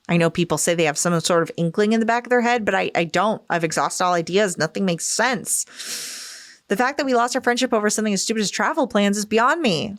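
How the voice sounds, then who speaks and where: A woman's voice: fairly low pitch, dry recording, studio quality. A woman podcast host reading a listener's story aloud, expressively acting out the quoted lines.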